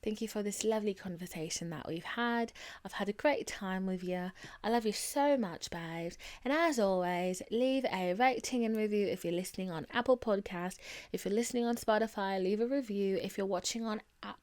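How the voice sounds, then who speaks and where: A woman's voice: medium pitch, normal speed, a little mellow. Young adult woman, podcast host; loose, chatty delivery full of fillers, affectionate toward her audience, mid-range voice. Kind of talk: casual solo podcast chat.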